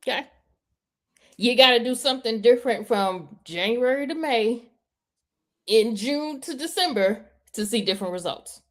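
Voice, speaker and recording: A woman's voice: fairly high pitch, expressive, moderate pace. A woman guest on a video call giving a motivational talk, emphatic and repeating herself for effect. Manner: emphatic, repeats "okay?" and "stay with me". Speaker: guest speaker.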